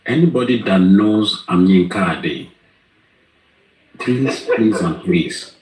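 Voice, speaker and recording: A man speaks slowly and earnestly in a low, deep voice. He pleads and weighs every phrase. The sound is echoey and roomy. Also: animated, darkish tone. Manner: pleading, earnest, slow and deliberate. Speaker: participant. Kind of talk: live online group talk.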